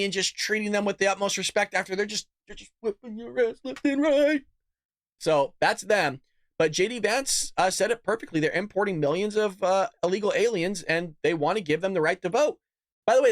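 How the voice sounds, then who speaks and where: A man's voice: fairly high pitch, fairly bright tone, no echo, clean studio sound. A man hosting his own political commentary show, talking bluntly and animatedly, with laughing asides. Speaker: host.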